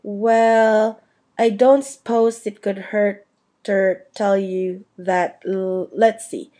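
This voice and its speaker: A woman reading the part of a big, gruff, proud male groundskeeper with a slow, homely, talkative way of speaking. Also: medium pitch, level tone, dark tone. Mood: proud, chatty.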